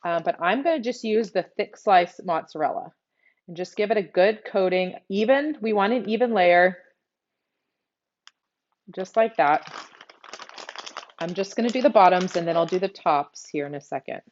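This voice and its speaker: A woman's voice: on the low side, normal speed, long pauses, a little mellow, a little hiss or hum. Texan woman, cooking show host, chatty and thinking aloud, home kitchen, muffled live-stream audio. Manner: casual, chatty, thinks aloud while working.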